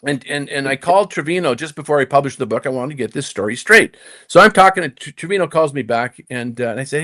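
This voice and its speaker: A middle-aged man, a former pro golfer, telling a tour story to his host, swinging between hushed and emphatic delivery. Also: a little high, expressive, fast talker. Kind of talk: casual storytelling in conversation.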